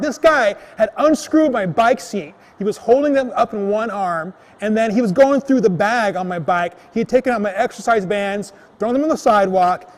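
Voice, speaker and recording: A man telling a comic personal story on a live stage, animated and shouting when he acts out his anger. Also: high voice, in a large hall.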